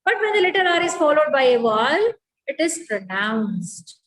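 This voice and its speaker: High-voiced woman teaching phonetics. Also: sing-song, moderate pace, fairly bright tone, rough recording. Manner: explains step by step, checks understanding. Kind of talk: phonetics lecture.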